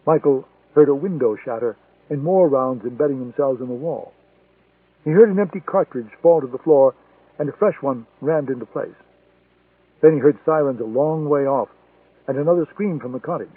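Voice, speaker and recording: A man reading a thriller audiobook in a steady, measured way. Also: mid-range voice, husky, no echo. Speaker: audiobook narrator. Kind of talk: scripted thriller narration. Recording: tinny phone-like sound, dry.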